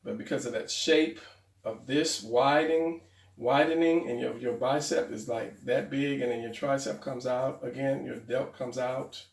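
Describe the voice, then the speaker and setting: Gravelly man rambling through a drawing lesson. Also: mid-range voice, fairly even intonation, moderate pace, few pauses, distant mic. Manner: rambling, self-correcting, talks to himself while drawing. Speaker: drawing tutorial host. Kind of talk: casual drawing instruction. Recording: roomy, off-mic sound.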